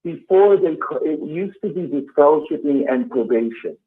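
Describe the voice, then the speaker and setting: Man, guest caller, husky, earnest, explaining, tinny phone line. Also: on the high side, expressive, moderate pace. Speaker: quiz contestant and guest. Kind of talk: casual storytelling.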